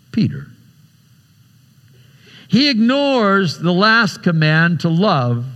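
A man preaching a sermon, retelling a scripture story dramatically with big swings in pitch and loudness. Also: in a large hall, dull audio.

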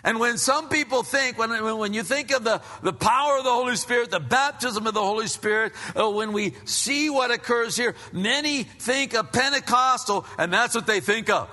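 A man preaching a sermon as pastor, telling stories in an animated way and acting out the people in them. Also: extremely high pitch, moderate pace, few pauses, in a large hall. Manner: animated storytelling, acts out voices.

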